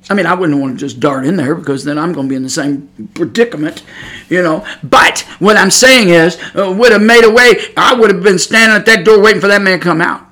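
Speaking quickly in a high register, this middle-aged man hosts a podcast with a forceful religious monologue. His delivery is repetitive and insistent, building until he is loud and heated.

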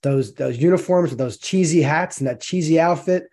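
A man's voice: a little high, normal speed, warm tone, slightly rough. A man co-hosting a casual podcast, venting his disappointment in an easy conversational way. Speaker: podcast co-host. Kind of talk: casual sports chat.

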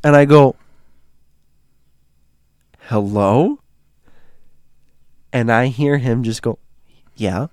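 A young man telling a spooky story in casual chat, animated and laughing, acting out quotes with fillers. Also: medium pitch, fairly quick, few pauses, clear, resonant tone, no room sound, studio quality.

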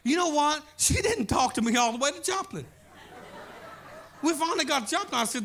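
A man's voice: very high voice, very animated, brisk, a bit bright. A man preaching a sermon, telling a folksy story as pastor.

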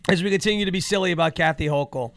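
A man co-hosting a casual political talk show, mocking and animated, who sometimes jumps into squeaky joke voices. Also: rapid-fire, dry recording. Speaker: co-host.

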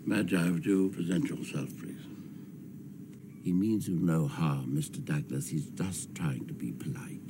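An actor playing an aging male island scientist who speaks softly and formally, heard as a film clip. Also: low voice, a little slow, background noise. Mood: courtly, hushed. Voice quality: soft-spoken, formal, hushed. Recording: film clip with ambient background.

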